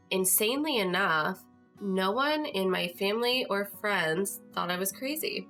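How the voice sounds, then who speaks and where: A woman's voice: mid-range voice, lively intonation, unhurried, a bit bright, soft background music. Chatty young woman telling a story. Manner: chatty, lots of "like", emotional. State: tearful at moments. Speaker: podcast host. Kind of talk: casual personal storytelling.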